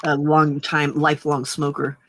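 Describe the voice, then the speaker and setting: A woman chatting casually on a livestream, giggling often and filling pauses with ums. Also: deep voice, completely flat delivery, a bit bright, slight background noise. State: slightly husky morning voice. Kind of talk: casual chat.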